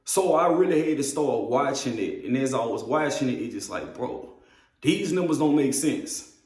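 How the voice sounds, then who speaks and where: A man who drives trucks, telling a story in a blunt, profane, animated way. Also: medium pitch, moderate pace, reverberant. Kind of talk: casual storytelling rant.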